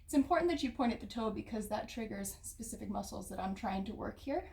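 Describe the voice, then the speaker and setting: A woman's voice: mid-range voice, expressive, fast, gravelly, darkish tone. A woman leading a follow-along home workout, counting reps aloud and giving instructions while exercising, slightly out of breath. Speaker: fitness instructor.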